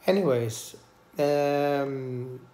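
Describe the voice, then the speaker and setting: A man speaks slowly to a handheld camera in an echoey room, his voice at an ordinary middle pitch. He halts often, with pauses and fillers, and sounds tender and emotional. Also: warm tone. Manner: slow, halting, with many pauses and fillers. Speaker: vlogger. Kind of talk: casual personal vlog to camera.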